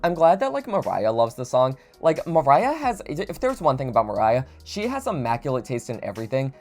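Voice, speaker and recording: A man's voice: mid-range voice, huge pitch swings, a little fast. A man gushing through a casual song-ranking review, filling his talk with "like". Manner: gushing, heavy use of "like". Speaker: music reviewer. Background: soft background music.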